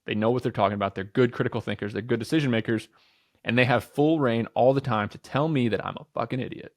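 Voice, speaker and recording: A man in his thirties speaks quickly at a medium pitch as a podcast guest in casual conversation. He talks with energy and emphasis, often repeats phrases, restarts sentences, and swears casually.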